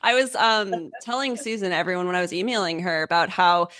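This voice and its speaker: A woman's voice: fairly low pitch, brisk, fairly bright tone. Young female podcast host, eager and chatty, casual interview tone. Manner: eager, bubbly, with fillers.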